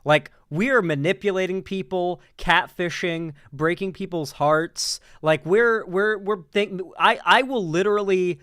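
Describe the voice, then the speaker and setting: A man's voice: sits high, a bit bright, no room sound, clean studio sound. A man streaming casual commentary, rambling with many repeated words and restarts. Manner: rambling, repeats words, laughs at own jokes.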